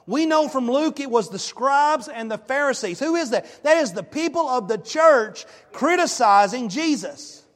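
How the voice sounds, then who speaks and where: High-voiced preacher in a reverberant hall. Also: male voice, normal speed, few pauses. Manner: animated storytelling, emphatic rises. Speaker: pastor. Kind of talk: sermon. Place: church sanctuary.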